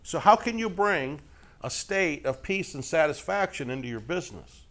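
Teaching a live group, this middle-aged man gives a folksy, joking sermon in a slightly high voice at a moderate pace. As a Bible teacher, he keeps the energy up and peppers his talk with rhetorical questions and tag checks.

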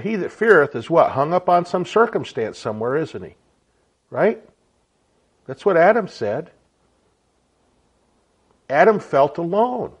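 A man's voice: mid-range voice, breathy edge. A man giving an informal sermon as a Bible teacher, chatty and conversational, often checking in with rhetorical questions.

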